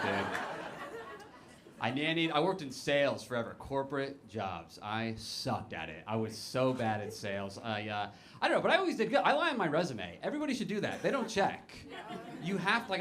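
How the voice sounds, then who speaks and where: A young man doing a stand-up comedy set, telling stories deadpan with sudden high-pitched quoted panic. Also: noisy background. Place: comedy club stage with laughing audience.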